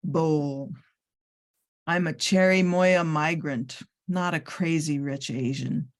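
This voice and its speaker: A woman in a poetry workshop, reading poems aloud in a steady, deliberate way. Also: deep voice. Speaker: workshop participant.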